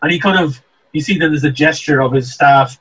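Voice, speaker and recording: A man's voice: on the high side, a little fast, a bit bright, slightly rough, lo-fi sound. A man narrating a tabletop game as game master, hesitant, with many ums and restarts. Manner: hesitant, lots of ums and restarts, laughs often.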